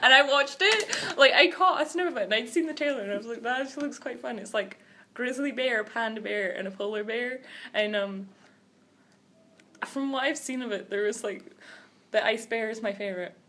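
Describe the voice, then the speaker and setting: A woman's voice: a little high, normal speed, bright, forceful tone, a little hiss or hum. A woman from Scotland with an American accent, rambling and giggling through stories as a podcast co-host. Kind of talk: casual chat.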